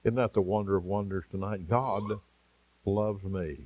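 A man preaching an evening sermon, with a rhythmic delivery that rises for emphasis and drops soft and low. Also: steady tone, unhurried, no room sound, dull audio.

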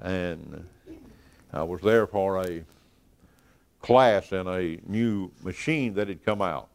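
A man's voice: low voice, takes it slowly. A man preaching an evening sermon, speaking emphatically, repeating key words and letting his phrases fall away at the ends.

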